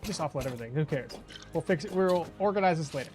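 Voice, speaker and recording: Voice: mid-range voice, animated, fast talker, darkish tone, soft background music. A gameplay streamer giving casual commentary, chatting with viewers, reading out chat and laughing at their own jokes.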